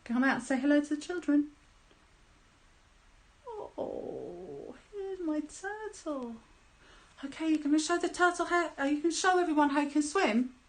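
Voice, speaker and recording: A woman telling a story live to children in a playful, animated way, with sound effects and calls to join in. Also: high-pitched, moderate pace, pauses often. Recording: roomy echo.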